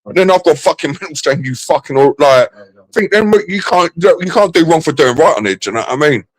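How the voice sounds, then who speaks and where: Man, drinking, sweary repetitive ranter, rapid delivery, dry close sound. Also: fairly high pitch, lively intonation, dry recording, rough recording. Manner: ranting, sweary, repeats himself. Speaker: streamer guest. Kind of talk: casual live-stream chat.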